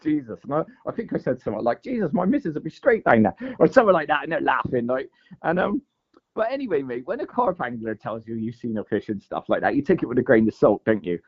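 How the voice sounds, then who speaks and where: A man's voice: mid-range voice, sing-song, fast. Rambling man with dull audio. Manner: rambling, full of "mate" and "like" fillers. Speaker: guest angler. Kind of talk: casual storytelling interview.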